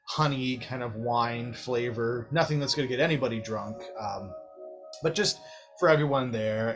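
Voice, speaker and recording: Man narrating as game master, with fillers. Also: medium pitch. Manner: relaxed, full of uhs and ums.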